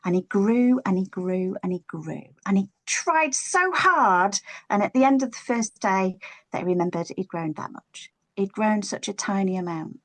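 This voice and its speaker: Female storyteller, expressive children's tale, playful delivery. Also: medium pitch. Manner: expressive, playful, drawn-out words.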